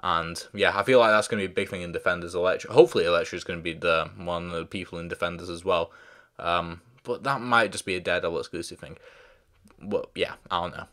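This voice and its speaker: A man reviews a show in a loose, rambling way, peppered with fillers and restarts, apologising each time he can't recall a name. His voice is low-pitched and fairly bright, steady in tone and quick in pace.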